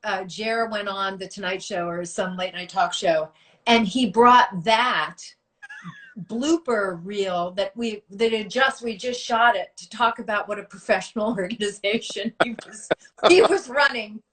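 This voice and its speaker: A middle-aged woman hosts a relaxed chat and keeps it light with easy laughter. She talks in a chatty, upbeat way over a video call from home. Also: mid-range voice, a little slow. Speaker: host. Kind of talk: casual reminiscing chat.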